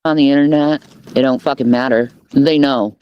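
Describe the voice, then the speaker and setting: A man's voice: medium pitch, steady tone, normal speed, clear, resonant tone, lo-fi sound. A man livestreaming from outdoors, talking in a bitter, defiant and profane way. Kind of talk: livestream monologue.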